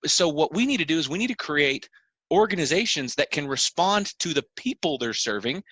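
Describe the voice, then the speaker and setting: A man's voice: fairly high pitch, expressive, brisk, a bit bright, slightly rough, no echo. A man on a podcast explaining his views earnestly, making his points through repeated phrases and everyday examples. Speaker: podcast co-host.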